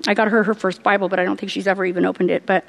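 A middle-aged woman giving a personal faith testimony, earnest and halting, laughing often as she tells it. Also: medium pitch, flat delivery, gravelly, big-room sound, slight background noise. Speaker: church member giving testimony.

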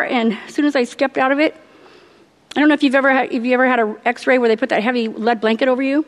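A middle-aged woman giving a personal faith testimony, earnest and halting, laughing often as she tells it. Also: high voice, steady tone, big-room sound. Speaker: church member giving testimony.

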